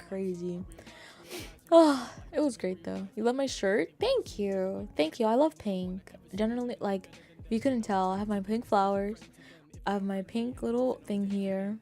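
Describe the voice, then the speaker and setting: A young adult woman chatting casually with her live chat as a streamer, in a bubbly, animated manner full of fillers. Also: mid-range voice. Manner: bubbly, animated, lots of "like", acts out quoted voices.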